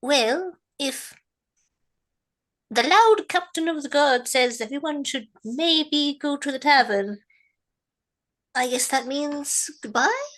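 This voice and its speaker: A woman's voice: sits high, animated, slow pace, long pauses, a bit bright, voice pushed up, exaggerated voice, rough recording. A woman voicing her polite young adventurer character in a courteous, slightly hesitant way.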